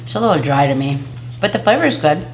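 A woman's voice: low-pitched, sing-song, quick pace, roomy sound, soft background music. A woman taste testing in casual chat, frank and teasing. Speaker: taste tester.

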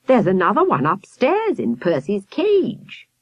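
A woman's voice: mid-range voice, huge pitch swings, measured pace, breathy edge, dry recording, dull audio, pitched above the performer's own voice, full character voice. A woman voicing a fluttery, genteel older lady in a storybook.

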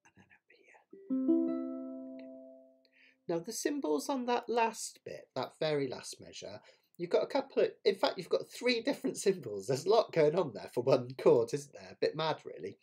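A man runs a live online ukulele lesson, chatty and self-deprecating, explaining things as he plays them. His voice is a little husky and moves lively up and down in pitch. A ukulele rings faintly behind him. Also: moderate pace, faint music behind. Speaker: ukulele teacher. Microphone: webcam setup with close camera. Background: ukulele playing.

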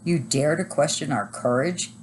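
A woman's voice: deep voice, moderate pace, a little hiss or hum, natural voice, poor audio. A woman reading aloud and voicing a proud, stern king who speaks firmly and steadily. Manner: firm and steady.

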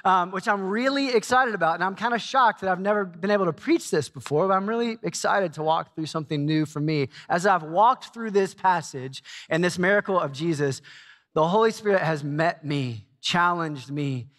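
A man in his forties preaching a sermon in a church, telling a self-mocking story with lively energy. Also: high-pitched, normal speed. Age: 40s. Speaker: pastor. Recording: long hall reverb.

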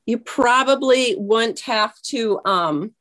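Chatty, slightly high-voiced middle-aged woman, easygoing crafting demo host who drifts off mid-thought. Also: slow, fairly bright tone. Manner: chatty, scattered, loses her train of thought. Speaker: crafting demonstrator. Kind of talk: casual craft tutorial.

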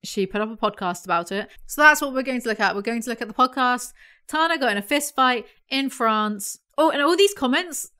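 A young woman from England with a London accent delivers a sarcastic, swearing commentary rant. Her voice is bright and fairly high. She talks in an animated, casual way. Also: brisk, clean tone. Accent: London English. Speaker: commentary YouTuber.

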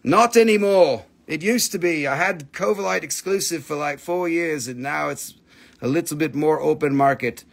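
Man, high voice, gravelly, rowdy joking seller, broken english, live sales patter. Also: moderate pace. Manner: joking, rowdy, swears freely; broken, non-native English grammar. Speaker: host selling minerals on a live stream.

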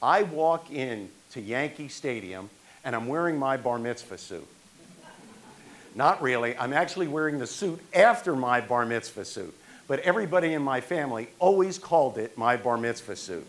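A man's voice: mid-range voice, animated, moderate pace, fairly bright tone. An older man from New York performing a one-man stage monologue, telling his own story and acting out the people in it.

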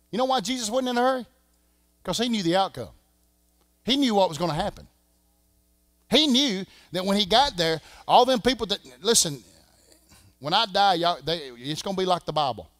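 Southern pastor guy preaching in church, high voice, dry sound, loud then quiet. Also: very animated, a little fast, long pauses, no room sound. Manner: preaching with swings from shouting to hushed. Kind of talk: sermon. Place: church sanctuary.

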